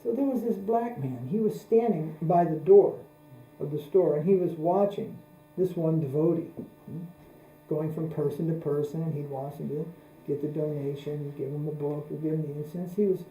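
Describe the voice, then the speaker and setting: A man giving a religious lecture as a spiritual teacher, speaking in a measured, repetitive, anecdotal way, recorded in an echoey room with a mains hum. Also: fairly high pitch, warm tone.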